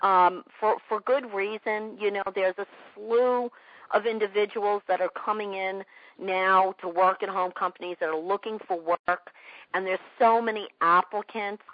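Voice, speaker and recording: A woman's voice: mid-range voice, fairly even intonation, measured pace, no room sound, dull audio. A woman sales trainer coaching a trainee over a call. She repeats her points, acts out both sides of a sales call, and keeps asking whether it makes sense.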